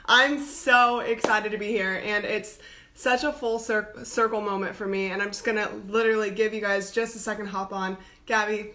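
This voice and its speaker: A woman's voice: on the high side, pushed and bright. A young woman giving a bubbly, gushing live-call talk to her team as a coach, greeting viewers by name, laughing often and saying "like" and "literally" a lot. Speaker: coach speaking to a team group.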